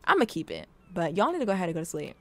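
A woman's voice: fairly low pitch, big pitch swings, racing. A young woman hosting a let's play, giving casual, teasing commentary as she plays and laughing often.

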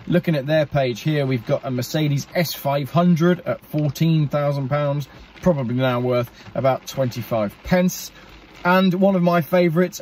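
A man's voice: fairly high pitch, a little mellow, a little hiss or hum. A man hosting a car channel, chatting casually and enthusiastically while speaking directly to viewers. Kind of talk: casual talk to camera.

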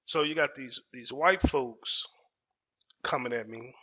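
Speaking at a measured pace, this Dallas man in his 40s has a mid-range voice that's pushed, bright and slightly rough. As a storytelling host, he recounts a personal tale casually and emphatically, repeating phrases for effect, over dull lo-fi audio.

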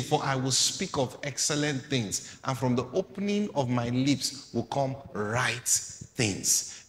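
A man's voice: mid-range voice, slow pace, a bit bright, big-room sound, a little hiss or hum. A man preaching a sermon, reading scripture aloud and explaining it with rhetorical questions to the congregation.

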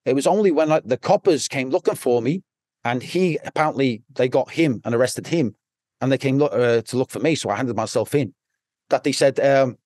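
A man with a Scouse accent recounts his past in a loose, rambling way, dropping swear words into nearly every sentence. His voice sits at an ordinary middle pitch, and the sound is dry and close with no room echo. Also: fairly quick, a little mellow. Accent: Liverpool (Scouse). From Liverpool, England. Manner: blunt, rambling, swears constantly. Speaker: podcast guest. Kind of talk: casual storytelling.

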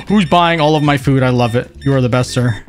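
A man streaming a video game, chatting in a playful, joking way and jumping into excited exclamations. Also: normal speed, faint music behind. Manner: playful, jokey, bursts into excited high exclamations. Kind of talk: casual gameplay commentary.

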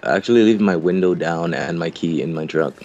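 A man's voice: deep voice, animated, normal speed, highs cut off. A young man being interviewed, telling long rambling stories in a casual, profane, laughing way. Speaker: interviewed clan member. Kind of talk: casual storytelling chat.

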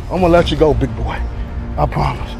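A man filming an outdoor fishing vlog on a riverbank, talking excitedly to his viewers and out of breath. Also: fairly high pitch, brisk, vocal fry, over music. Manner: excitable, shouting exclamations, talks to viewers as "y'all" and "guys". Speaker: fishing vlogger.

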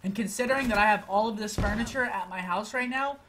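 A man's voice: high-pitched, fast talker, fairly bright tone, a little hiss or hum. A young man in his twenties from Pennsylvania, talking casually and playfully to his viewers in a hyped vlog from home. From Pennsylvania, USA. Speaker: gaming YouTuber.

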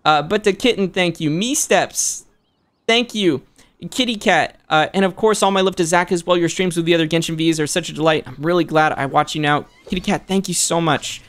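A man hosting a livestream, excitedly reading out viewer donations, talking quickly and laughing often. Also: fairly high pitch. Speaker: streamer and voice actor.

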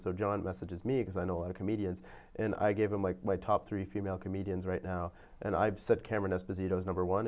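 A man's voice: on the low side, darkish tone. A man, a stand-up comedian guest on a talk show, who jokes around and laughs often. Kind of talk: casual talk show chat.

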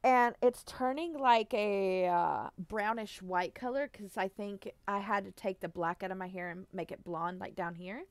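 A woman's voice: medium pitch, unhurried, hardly any pauses, no room sound. A woman live-streaming a game, chatting casually and bubbly, giggling and greeting viewers by name. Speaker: Twitch streamer.

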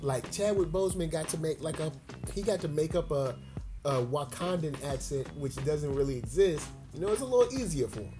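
A man's voice: fairly high pitch, animated, a little fast, music in the background. A man from Virginia, co-hosting a podcast in casual chat, telling stories in a laid-back way and laughing easily. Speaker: podcast co-host.

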